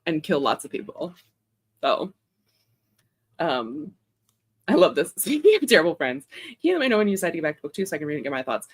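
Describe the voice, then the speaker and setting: A woman's voice: deep voice, very animated, a little fast, pauses often, slightly rough. A young woman hosting a casual chat stream, rambling in a chatty way and laughing often. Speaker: author and livestream host.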